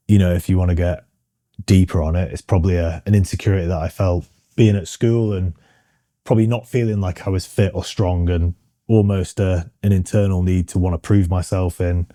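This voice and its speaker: Low-pitched and mellow, this thirty-something British man chats frankly as an interview guest, often saying um and starting over. The studio-quality audio has no echo.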